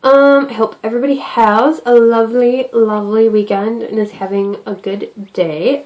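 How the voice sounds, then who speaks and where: A woman's voice: on the high side, fairly even intonation, moderate pace, hardly any pauses, darkish tone, rough recording. A woman vlogging at home in a casual, rambling talk to camera, chatty and self-deprecating.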